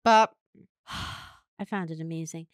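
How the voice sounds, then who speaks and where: A woman co-hosts a podcast in casual conversation, chatty and giggly as she tells stories and gives frank advice. Her voice sits low and moves at a measured pace, with no room sound.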